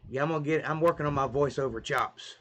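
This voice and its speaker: A man's voice: a little high, fast. A man with a Southern US accent, chatting and joking with viewers on a live stream. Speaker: musician hosting a live stream. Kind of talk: casual live-stream chat.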